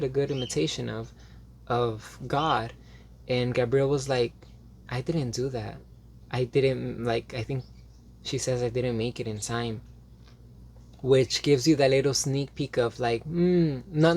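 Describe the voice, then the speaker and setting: Male reviewer, casual and rambling, full of fillers and restarts, bursts into dramatic excitement. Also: medium pitch, gravelly, a little hiss or hum. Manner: gets animated and dramatic when excited. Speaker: TV show reviewer.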